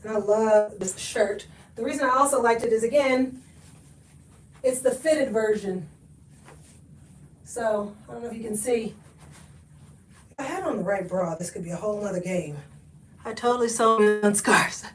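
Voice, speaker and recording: A chatty, high-voiced woman shows off her thrift finds to viewers on a live stream. She is sniffly from allergies. The sound is echoey, with the mic set back from her in the room. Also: normal speed, pauses often, distant mic, slight background noise. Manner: chatty and expressive, talks to viewers, laughs often. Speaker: thrift haul host. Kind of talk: live-stream haul chat.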